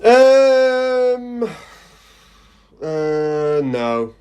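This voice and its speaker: A man's voice: very high voice, very animated, drawn-out words, mellow, clean tone. A man co-hosting a podcast, bantering and joking in casual chat. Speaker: podcast co-host.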